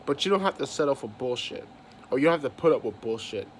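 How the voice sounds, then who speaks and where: A man's voice: mid-range voice, expressive, fast talker, slight background noise. A young man, venting about his job in a heated, profane rant and repeating himself as he talks. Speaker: vlogger venting about work. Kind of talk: angry casual rant.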